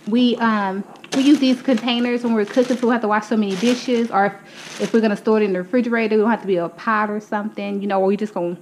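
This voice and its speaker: A woman's voice: mid-range voice, fairly even intonation, quick pace, rough recording. Young woman going thru her grocery haul at home, out of breath, talks to viewers like y'all, bit of faint hiss. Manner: chatty, addresses viewers as y'all. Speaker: vlogger. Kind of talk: casual grocery haul walkthrough. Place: home, indoors.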